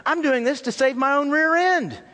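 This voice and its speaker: A man's voice: very high-pitched, normal speed, bright, forceful tone. A man preaching a sermon as pastor in a church, earnest and repetitive, often calling his listeners folks. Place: church sanctuary with chairs. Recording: long hall reverb.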